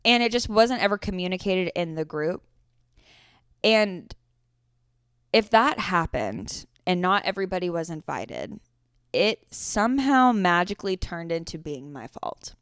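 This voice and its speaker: Twenty-something woman podcasting solo, chatty and swears a lot, smooth clear voice, dry close mic. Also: fairly low pitch, animated, a little slow, a bit bright, no room sound. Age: 20s. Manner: chatty storytelling with frequent swearing. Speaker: podcast host. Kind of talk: casual solo podcast chat.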